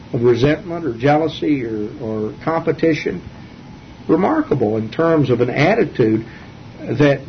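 Halting man preaching, muffled recording. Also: a little high. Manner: halting, many fillers and restarts, earnest. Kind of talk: sermon Bible teaching. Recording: dull lo-fi sermon recording with faint hiss.

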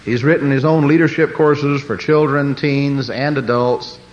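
A man introducing a guest speaker at a conference, halting and restarting as he speaks. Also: mid-range voice, steady tone. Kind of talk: formal introduction. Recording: dull lo-fi old recording.

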